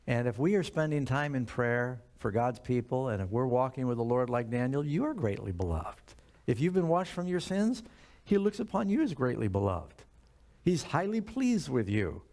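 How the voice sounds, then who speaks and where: A man's voice: mid-range voice, gravelly, darkish tone. An older man preaching a sermon in a conversational way, asking the congregation questions as he reads scripture. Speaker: pastor.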